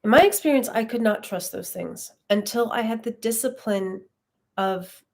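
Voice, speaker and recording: A woman's voice: on the high side, normal speed, creaky, a little mellow. A woman leading an online class, talking in a reflective, conversational way with frequent fillers. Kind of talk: casual live-stream teaching.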